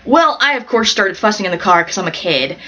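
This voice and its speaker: A woman's voice: mid-range voice, animated, brisk, pushed and bright, highs cut off. A woman from the United States telling childhood stories to camera in a vlog, laughing often and acting out the voices of people in them. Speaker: vlogger. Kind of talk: casual storytelling to camera.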